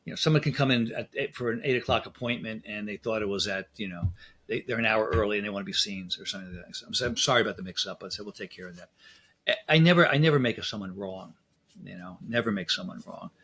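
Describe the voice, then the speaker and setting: A man, a dentist guest in a casual interview, telling lively anecdotes and acting out dialogue. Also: lowish voice, quick pace, slightly rough.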